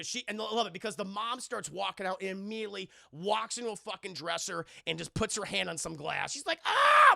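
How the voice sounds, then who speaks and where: A man streaming live, recapping a film in a rambling, profane and animated way. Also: sits high, gravelly, dry recording, studio quality.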